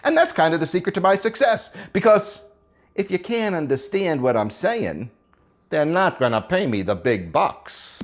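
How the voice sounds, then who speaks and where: A man telling anecdotes about his career as a fast-talking performer, with a rapid, lively delivery and bursts of very fast speech. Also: on the high side. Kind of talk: anecdotal storytelling. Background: background music.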